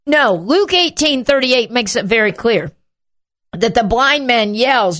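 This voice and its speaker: A woman hosting a show, teaching from the Bible in an animated way and acting out the quotes. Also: a little high, a little slow. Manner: animated, acts out the quotes, shouts them.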